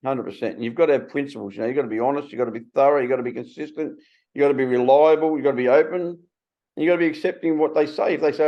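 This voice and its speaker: Blunt swearing Australian man in his sixties. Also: medium pitch. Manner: blunt, swears freely, talks fast and animated. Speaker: podcast host. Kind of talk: casual conversation. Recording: slightly muffled recording.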